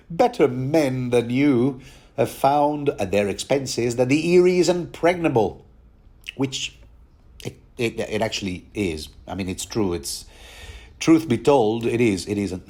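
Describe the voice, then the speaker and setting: A man talking through a book chapter in a loose, rambling commentary. He restarts his sentences often, chuckles at his own asides and keeps a chatty, informal flow at a middling pitch. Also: lively intonation, measured pace, a little mellow. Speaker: podcast host reading and commenting on a book.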